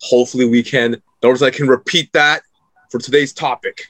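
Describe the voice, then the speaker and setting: Man, sports podcast co-host, casual chat, jokey, animated, dry close sound. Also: mid-range voice, brisk, no echo.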